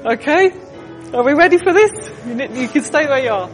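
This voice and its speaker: Woman storyteller for a church congregation, high bright pitch, lively and directive, long hall reverb with faint noise. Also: fairly quick, loud music behind the voice. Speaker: children's talk leader. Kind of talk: storytelling with audience participation.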